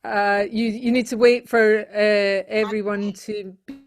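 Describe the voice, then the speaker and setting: A woman hosts an online folk session from her home over a video call. She talks casually, pausing with frequent ums and uhs as she introduces singers and handles muting. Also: mid-range voice, little pitch movement. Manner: hesitant, lots of ums and uhs.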